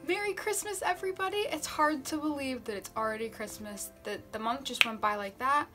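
A young woman vlogging as she unboxes gifts, chatty and gushing with excitement. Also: a little high, moderate pace, soft background music. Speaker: book vlogger. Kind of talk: casual unboxing vlog.

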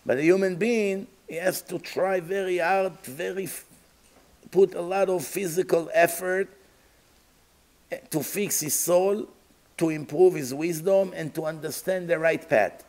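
A man's voice: high-pitched, measured pace, darkish tone, low-quality recording. A man, a rabbi giving a Torah lecture, emphatic and full of rhetorical questions, acting out imagined dialogues.

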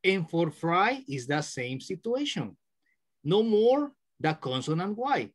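A teacher leads a class over a video call, patient and methodical, echoing each word back to stress it. The pitch swings widely, rising and falling with every prompt, and sits in a middle register. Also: sing-song, slow pace. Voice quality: patient, repeats words to correct and stress them. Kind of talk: online class instruction.

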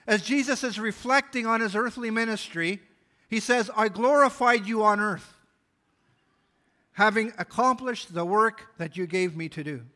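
A man's voice: sits high, bright, forceful tone. A man pastor preaching a sermon, reading scripture aloud and explaining it earnestly. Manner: earnest Bible exposition, reading scripture aloud with small restarts.

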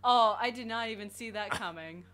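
A woman co-hosting a casual let's play, excitable, squealing and making silly beep noises as she plays. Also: a little high, normal speed, soft background music. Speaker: gameplay co-host.

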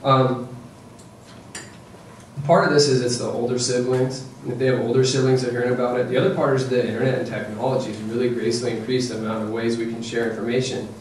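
A man giving a lively, joking parenting talk to an audience, often checking in with "okay?" and "right?". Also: medium pitch, fast talker, distant mic, slight background noise. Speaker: presenter to parents. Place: presentation room with audience. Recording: echoey room, voice from afar.

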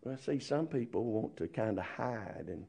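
A man's voice: medium pitch, lively intonation, moderate pace, gravelly, dark tone, breathy edge. A man preaching a sermon, emphatic and full of rhetorical questions.

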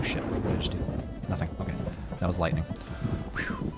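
A man's voice: sits low, wildly swooping pitch, normal speed, long pauses. A man giving casual, profane and joking commentary on a city-building game. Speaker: let's play host. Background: game music.

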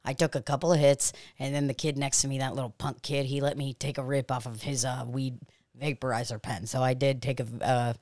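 Blustering balding male bill collector, put on by a woman, deep and crass, quick to swear. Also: flat delivery, a little mellow, no room sound, clean studio sound. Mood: sheepish. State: out of breath. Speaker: podcast co-host. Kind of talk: improvised comedy sketch.

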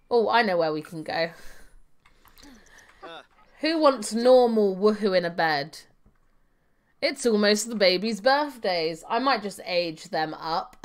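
A woman's voice: mid-range voice, clear, resonant tone. A young adult woman giving chatty live gameplay commentary, thinking aloud with fillers and laughing often. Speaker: game streamer.

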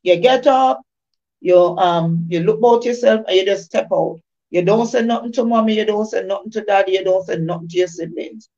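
A woman's voice: medium pitch, a little fast, darkish tone. A woman gives an informal devotional testimony, repeating phrases in an emphatic preaching cadence. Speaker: devotional speaker. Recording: dull lo-fi recording.

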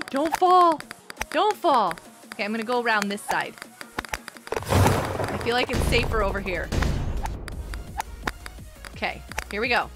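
A young woman chatting excitedly with viewers as she streams a game. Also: high-pitched, moderate pace, pauses often. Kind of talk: live gameplay commentary. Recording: game music behind. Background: game music.

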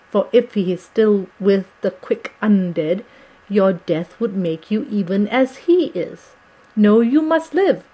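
A woman reading the lines of an elderly male doctor, solemn and fatherly, pleading gravely and earnestly in an audiobook. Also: mid-range voice, a little mellow, close to an everyday voice, low-quality recording.

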